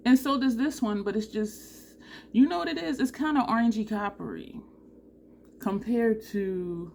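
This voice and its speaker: A woman from New Jersey chatting casually through a makeup tutorial, animated and laughing often. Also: medium pitch, moderate pace, vocal fry, a little hiss or hum. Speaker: beauty vlogger.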